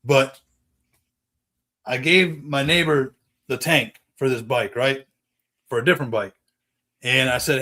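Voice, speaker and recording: A man with young kids, host of a casual chat show, telling a long profane story in a rambling, animated way. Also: mid-range voice, moderate pace, pauses often. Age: adult with young kids. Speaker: podcast host, custom bike builder.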